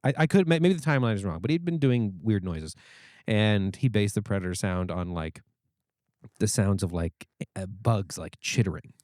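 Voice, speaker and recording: A man's voice: lowish voice, animated, moderate pace, a little mellow, no room sound, studio quality. A man from Canada, a podcast guest telling stories in casual chat, often restarting and correcting himself. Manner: rambling storyteller, many self-corrections. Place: podcast studio.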